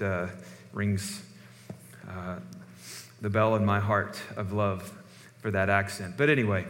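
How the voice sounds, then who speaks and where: A male pastor giving a sermon in a relaxed, conversational storytelling way. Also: lowish voice, big-room sound.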